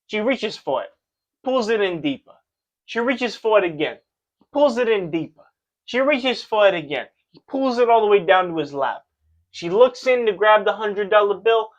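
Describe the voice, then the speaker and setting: A man's voice: sits high, expressive, moderate pace, lo-fi sound. A man co-hosting a casual podcast, telling a crude story in a laid-back way. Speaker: podcast co-host.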